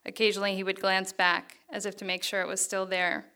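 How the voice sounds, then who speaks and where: Woman author, fiction reading: even, flat delivery, bright, crisp voice with some fry. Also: medium pitch, fairly quick.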